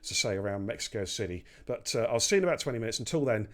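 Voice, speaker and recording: A man's voice: mid-range voice, racing. Chatty man hosting a live stream. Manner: chatty, relaxed and jokey. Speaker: esports race league host. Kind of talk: casual live-stream commentary.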